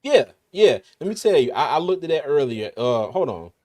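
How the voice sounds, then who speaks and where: A man's voice: on the high side, very animated, moderate pace, a little mellow. A man with a slight lisp hosting a casual sports talk livestream, rambling and laughing often. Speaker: podcast host.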